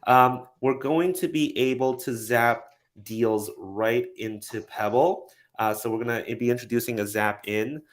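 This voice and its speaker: A man hosting a casual software product update, relaxed and full of fillers, with upbeat sign-offs. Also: medium pitch, measured pace, hardly any pauses.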